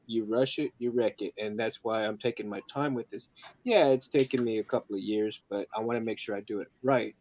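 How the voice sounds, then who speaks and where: A man's voice: lowish voice, steady tone, fairly quick, a little mellow, a little hiss or hum. Earnest man on a dull line. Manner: earnest, admiring, talks in fillers. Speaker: guest. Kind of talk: casual chat.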